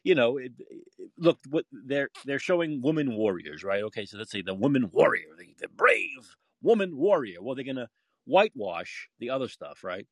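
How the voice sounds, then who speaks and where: Animated male podcast host. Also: mid-range voice, brisk, no echo. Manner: animated, emphatic, opinionated. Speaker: former film critic. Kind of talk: casual call-in talk.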